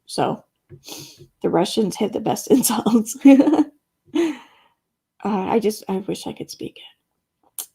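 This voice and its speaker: A woman's voice: mid-range voice, slow pace, creaky, pauses often, dark tone, husky. A woman hosting a casual livestream, rambling and reading chat comments aloud, with the odd curse word. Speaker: livestream host.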